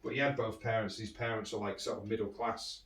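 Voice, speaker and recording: A man's voice: on the low side, fairly even intonation, brisk, a bit bright, roomy sound, distant mic. A man with a British accent telling candid, rambling stories about his own childhood as a podcast host. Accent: British English. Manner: rambling and candid, with frequent restarts and chuckles. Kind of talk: candid personal storytelling.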